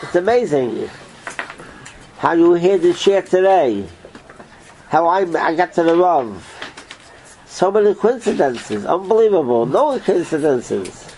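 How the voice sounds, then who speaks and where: A man giving an informal Torah class, quizzing his listeners in an animated way. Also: fairly high pitch, unhurried, long pauses, a little hiss or hum, low-quality recording. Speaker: Torah teacher.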